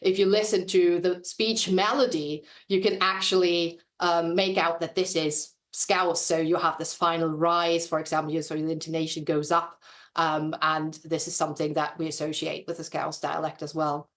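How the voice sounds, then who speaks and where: Low, flat-voiced woman linguist. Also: moderate pace. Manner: careful, with small fillers. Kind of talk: explanatory interview.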